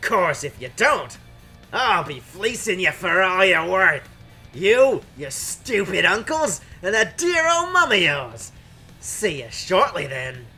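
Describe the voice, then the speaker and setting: A woman's voice: lowish voice, sing-song, extremely slow, few pauses, bright, forceful tone, soft background music, exaggerated voice. A woman doing a brash, drawling male bookie. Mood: gloating. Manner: hammy, drawling, accent drifting between British and Australian. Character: brash swaggering male gambler, bookie type.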